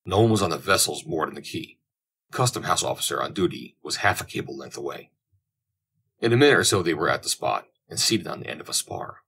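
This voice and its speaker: Deep husky male audiobook narrator. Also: animated, a bit bright. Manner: measured, descriptive storytelling.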